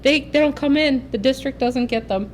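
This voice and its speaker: A woman teacher on a casual podcast, who answers with quick, joking one-liners. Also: high voice, slight background noise.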